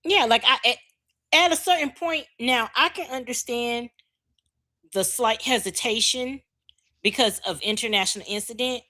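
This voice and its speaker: Fairly high-voiced woman co-host, conversational. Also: normal speed, bright, forceful tone. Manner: reasoning, loose conversational talk. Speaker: podcast co-host. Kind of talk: casual chat.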